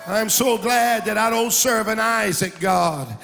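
Gravelly-voiced preacher man, high and ringing. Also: a little slow. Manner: preaching with a sing-song cadence, rising to shouts. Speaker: pastor. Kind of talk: sermon. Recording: hall reverb with faint music.

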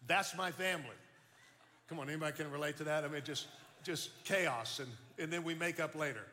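Fast and fairly high-pitched, an older man from Baton Rouge delivers a folksy testimony in a bright, edgy tone. He tells it with animation, repeating words whenever he restarts, and the sound carries a long, hall-like reverb.

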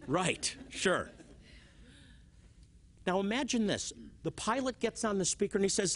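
Man teaching the Bible on TV. His voice is high for a man and swings widely in pitch. He tells stories and acts out his examples. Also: a little slow, pauses often. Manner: animated, repeats words, acts out examples.

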